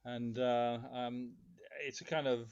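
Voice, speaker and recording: Man, songwriter, halting song introduction, mid-pitched voice, muffled lo-fi sound. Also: level tone, darkish tone, clear, resonant tone. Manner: halting, uneasy. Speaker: singer-songwriter. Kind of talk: introducing a song on a video call. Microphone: video call. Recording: dull lo-fi sound.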